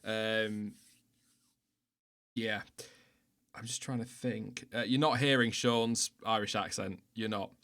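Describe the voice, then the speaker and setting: A man's voice: fairly low pitch, steady tone, slow pace, pauses often, a bit bright. Chatty British man hosting a stream. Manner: chatty and self-mocking, laughs often. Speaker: livestream host. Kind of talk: casual livestream chat.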